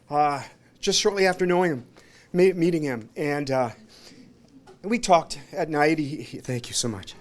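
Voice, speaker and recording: Guy w a slightly high voice giving a rambling memorial speech at a restaurant, emotional, laughing a bit, acting out what people said. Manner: rambling anecdotal storytelling, acting out others' lines; emotional, laughing between lines. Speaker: friend giving a memorial tribute. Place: restaurant, gathering of friends and family.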